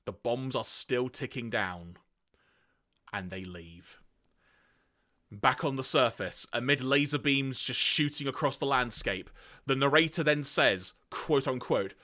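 A man's voice: medium pitch, measured pace. A man co-hosting a podcast, recapping episodes in a casual, storytelling way. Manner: storytelling, animated. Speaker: podcast co-host recapping a cartoon.

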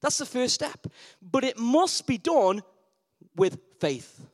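A man preaching a lively sermon, asking the congregation questions and repeating his key words for emphasis. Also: very high-pitched, takes it slowly. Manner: call-and-response questions, emphatic repetition.

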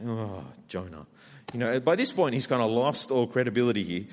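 A man with an Australian accent preaching a sermon, acting out a sulky character's complaints in a lively way. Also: medium pitch, brisk. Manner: animated, acts out Jonah's whiny complaints. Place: church hall. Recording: long hall reverb.

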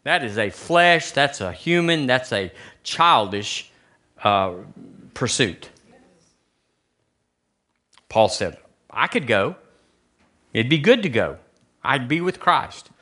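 Lively, bright-voiced pastor preaching. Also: male voice, mid-range voice, slow, pauses often. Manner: conversational preaching, rhetorical questions to the congregation. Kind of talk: sermon. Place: church sanctuary.

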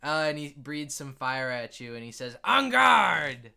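A man's voice: medium pitch, fairly even intonation, moderate pace, sharp tone, smooth. A man narrating as game master, rambling with many fillers and jumping into character voices.

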